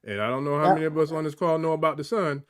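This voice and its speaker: A man's voice: fairly high pitch, rapid-fire, clean tone. A man in casual spiritual livestream chat, rambling and emphatic. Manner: rambling, emphatic, grows excited and loud at times. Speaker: livestream guest.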